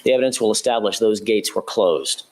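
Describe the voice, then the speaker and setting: Measured male prosecutor, courtroom address. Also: on the low side. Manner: measured, methodical retelling with occasional self-corrections. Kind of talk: courtroom opening statement.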